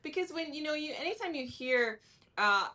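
Bright-voiced woman guest commentator. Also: high-pitched, expressive. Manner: measured, with many fillers. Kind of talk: political talk show commentary.

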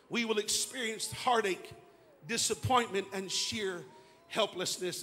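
Grieving preacher, very high voice, bright, shouted declarations, long church echo. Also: male voice. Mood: solemn. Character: grieving male pastor preaching steadfast faith. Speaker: pastor. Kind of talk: sermon.

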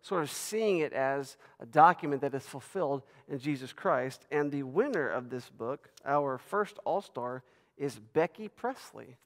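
A man giving a lively Bible lecture to an audience, rising in pitch and loudness when he stresses a point. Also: measured pace, slight background noise. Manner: animated, rises in pitch and volume for emphasis. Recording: long reverb of a large hall.

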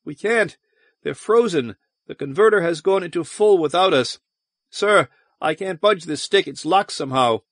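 A man's voice: high-pitched, lively intonation, normal speed, fairly bright tone, no room sound, studio quality, pitched above the performer's own voice. Man doing a panicked engine crewman. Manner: urgent, raised.

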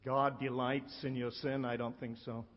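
A middle-aged man preaching a sermon in an emphatic way, slowing down to stress his key lines. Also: mid-range voice, level tone. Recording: dull sound with long hall reverb.

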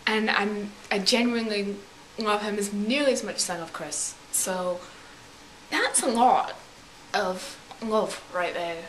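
This young woman takes her time, her mid-range voice fairly bright as she rambles through vlog stories in an assumed English accent. She often corrects herself and keeps things chatty and casual. There's echo from the room and a faint hiss.

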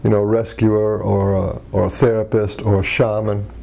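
Rambling male workshop teacher, mellow voice. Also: lowish voice, flat delivery, moderate pace, vocal fry. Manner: rambling, many restarts and fillers. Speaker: workshop presenter. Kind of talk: teaching commentary.

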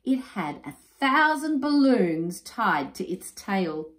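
Woman storyteller, children's book, slow, lively pitch, echoey room. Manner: expressive, unhurried. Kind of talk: children's story read-aloud. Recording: roomy echo.

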